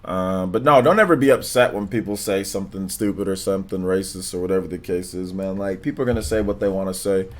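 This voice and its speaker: A man hosting a live stream in an unhurried, monotone drawl, reading out viewer comments and chatting between them. His voice sits a little low, and his talk is loose, slangy, and full of fillers. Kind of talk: casual stream chat, reading donations and comments.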